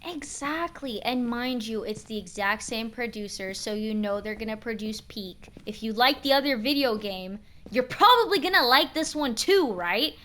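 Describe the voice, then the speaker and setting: A young adult woman streaming a game and chatting casually, expressive and slangy, swearing freely. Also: fairly high pitch, moderate pace, few pauses. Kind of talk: casual chat while gaming.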